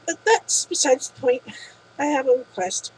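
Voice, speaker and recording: A woman's voice: high voice, sing-song, normal speed, a little hiss or hum, poor audio. A woman voicing a playful, teasing young male idol. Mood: coaxing.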